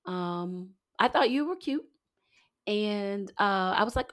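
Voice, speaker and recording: A woman's voice: mid-range voice, lively intonation, takes it slowly, a bit bright. A woman in her forties hosting a podcast, chatting casually and playfully teasing her guest. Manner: playful teasing, laughing often. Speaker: podcast host.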